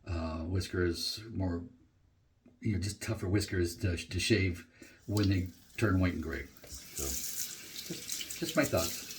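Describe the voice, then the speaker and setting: Laid-back middle-aged guy, low-ish voice, bathroom shave vlog. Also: slow pace, pauses often, slight background noise. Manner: relaxed and chatty, many fillers like "alrighty". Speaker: shaving vlogger. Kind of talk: casual shave-review chat. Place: home bathroom.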